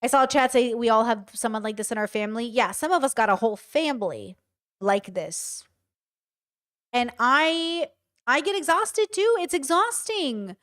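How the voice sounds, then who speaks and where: A woman's voice: fairly high pitch, expressive, normal speed, a bit bright. A woman streaming casual live commentary, talking bluntly and with emphasis straight to her chat. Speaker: streamer reacting to a show.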